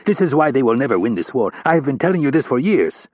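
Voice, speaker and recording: A man's voice: medium pitch, sing-song, quick pace, a little mellow, husky, dry recording, voice pushed up. A man narrating an audiobook voices a gleeful male militant who mocks and delights in others' suffering. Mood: gloating. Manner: mocking, delighted by others' pain.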